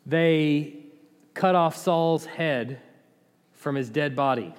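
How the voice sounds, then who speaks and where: A man's voice: on the high side, fairly even intonation, takes it slowly, a little mellow, smooth. A man teaching a Bible lesson in a conversational way, with restarts and dry asides. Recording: long hall reverb.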